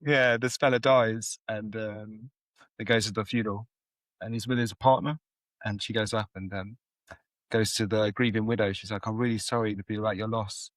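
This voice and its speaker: A man's voice: fairly low pitch, fairly even intonation, moderate pace, a bit bright, no echo. Brief: male co-host, rambling storyteller, laughs a lot, dry close sound. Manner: laughs often, rambling storyteller who acts out quotes. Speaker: podcast co-host. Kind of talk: casual chat, retelling comedy scenes.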